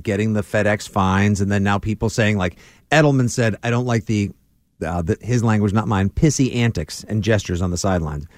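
A man's voice: lowish voice, dry recording, clean studio sound. A man, co-hosting a casual sports podcast and rambling with lots of fillers. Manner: rambling, animated, full of fillers. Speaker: podcast co-host.

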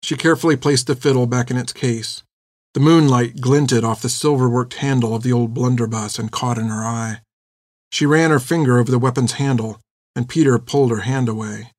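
A man giving measured, expressive scripted narration of a storybook. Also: mid-range voice, no room sound, studio quality. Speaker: audiobook narrator.

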